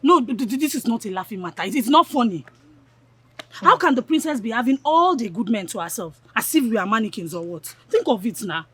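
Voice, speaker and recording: A spiteful schemer who berates her friends with scorn. Her husky voice runs high and swings widely in pitch. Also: very animated, a little fast, a bit bright, exaggerated voice. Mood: aggrieved. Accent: Nigerian. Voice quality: scornful, insulting. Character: spiteful scheming young woman, Adanne. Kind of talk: film drama acting.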